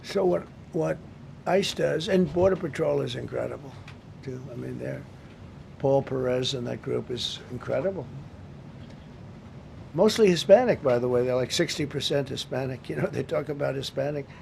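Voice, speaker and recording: A man's voice: mid-range voice, moderate pace, gravelly, a little mellow, slight background noise. A man speaking off the cuff at a press briefing, rambling, repetitive and emphatic.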